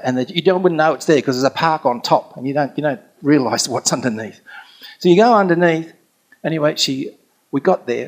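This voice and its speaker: A middle-aged man, telling a story in an animated way and acting out what others said. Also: mid-range voice, husky. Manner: animated, acts out quoted speech. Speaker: pilgrimage companion telling a story. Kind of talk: anecdotal storytelling.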